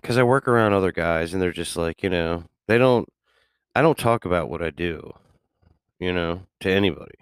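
A man's voice: low voice, expressive, normal speed, smooth, no room sound, clean studio sound. A man hosting a radio show, rambling casually in a profane, loose way and laughing often. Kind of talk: casual solo talk.

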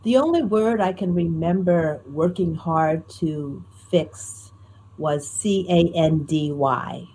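A middle-aged woman with a faint New Jersey accent, a professional storyteller talking in a lively, self-deprecating way in an interview. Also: fairly low pitch, takes it slowly, slightly rough. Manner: animated, self-deprecating, tells anecdotes with quoted dialogue. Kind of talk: conversational interview.

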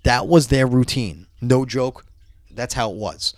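A man telling a profane, animated story in casual chat. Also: mid-range voice, a little slow, no echo, studio quality.

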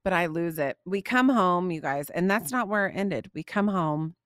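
Gushing, animated woman storyteller. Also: on the low side, normal speed, no room sound, studio quality. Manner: gushing, animated, laughs often. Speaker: podcast host. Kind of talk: casual storytelling to listeners.

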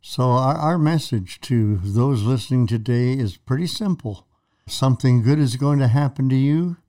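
A man's voice: medium pitch, normal speed, warm tone. A man co-hosting a faith talk show, retelling Bible stories and acting out quoted lines with dramatic emphasis. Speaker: preacher co-host. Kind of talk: conversational Bible teaching.

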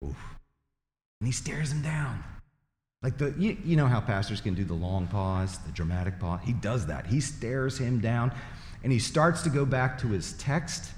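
In his church sanctuary, a male pastor delivers a sermon conversationally, with dry, self-deprecating humor. His voice is mid-range and his pace moderate, and the hall is echoey.

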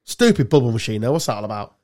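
A man's voice: mid-range voice, very animated, a little mellow. A man, co-hosting a casual podcast chat with banter and blunt asides. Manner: banterish, swearing, quick asides. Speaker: podcast co-host.

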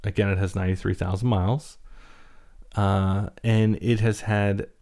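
A young man talks alone into the mic for his podcast, rambling and self-deprecating, with plenty of fillers and restarts. His voice sits on the low side, and his talk is loose and conversational. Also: little pitch movement, normal speed, mellow. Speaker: podcast host. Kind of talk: casual solo podcast talk.

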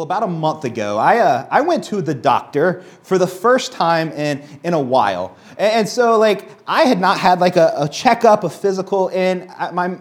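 A man in his thirties preaching a conversational sermon, telling a personal story with lively swings in tone. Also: high-pitched. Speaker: pastor.

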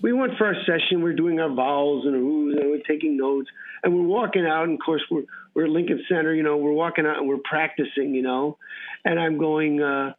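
A man's voice: fairly high pitch, fairly quick. A man, an actor being interviewed, telling rambling stories and acting out what people said. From United States. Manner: rambling storyteller, acts out dialogue. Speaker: actor guest. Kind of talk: casual anecdotal interview. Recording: tinny phone-like radio line.

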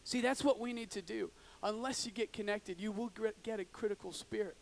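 A man preaching a sermon in an animated way, acting out frustrated drivers and swinging between loud outbursts and hushed asides. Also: sits high, fairly quick, vocal fry, a little hiss or hum. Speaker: pastor.

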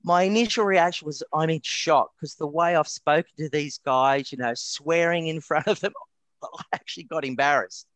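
Australian male guest, lively anecdotal storyteller, dry recording. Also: fairly high pitch, moderate pace, dry recording. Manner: animated, lively anecdotes with stammered repeats. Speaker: interview guest, retired wedding photographer. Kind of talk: casual storytelling.

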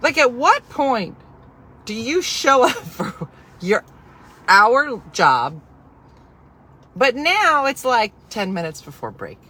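A woman telling a story on a live stream as a casual rant, exasperated and animated, swinging from quiet asides to loud outbursts. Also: on the high side, slow, long pauses, breathy edge, rough recording.

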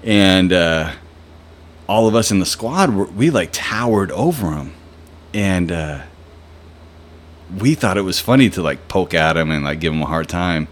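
A man's voice: deep voice, lively intonation, unhurried, pauses often. A young man telling rambling, profane stories in a casual podcast, with lots of fillers. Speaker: podcast host. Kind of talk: casual storytelling.

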